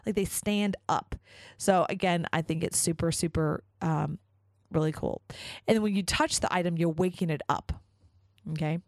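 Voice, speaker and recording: With a medium-pitched voice and no echo, a woman talks through a casual solo episode of her own podcast. She's chatty and enthusiastic, leaning on plenty of casual fillers.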